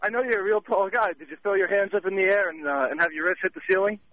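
A man's voice: high-pitched, fast talker. A man calling in to a radio show, teasing the host with a laugh and apologizing when he cuts in, heard on a dull lo-fi line.

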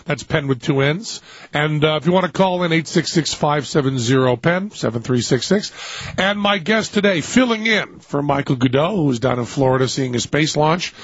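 A man hosting a radio talk show, joking and quick with his guest and laughing often. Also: a little high, husky, no echo. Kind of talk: casual radio chat. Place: radio studio. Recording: dry, dull radio studio sound.

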